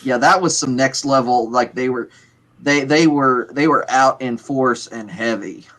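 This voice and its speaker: A man's voice: medium pitch, measured pace, a bit bright. A man co-hosting a casual chat who rambles, repeats words and slips into playful impressions. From Pittsburgh area. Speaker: podcast co-host.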